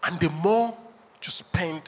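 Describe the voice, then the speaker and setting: A man's voice: sits high, takes it slowly, husky. A man preaching a sermon as pastor, joking, acting out quotes and laughing often. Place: church hall. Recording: reverberant hall.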